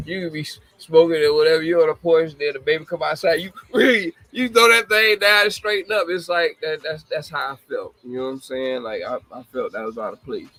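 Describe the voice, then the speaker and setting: A man's voice: on the high side, fairly bright tone, rough recording. A man in his forties hosting a casual live talk show, laughing often and apologizing to young listeners he calls babies. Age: 40s. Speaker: show host.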